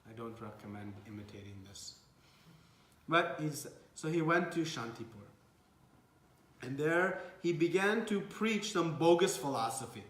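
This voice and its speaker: A man telling a devotional story as a sermon, animated and acting out the characters. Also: a little high, unhurried, roomy sound. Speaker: devotional speaker.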